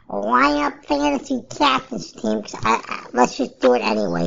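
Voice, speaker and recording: A woman's voice: on the high side, expressive, normal speed, gravelly, few pauses, a bit bright, muffled recording. A woman podcast host giving casual, rambling fantasy sports picks in a blunt, offhand way, with some profanity.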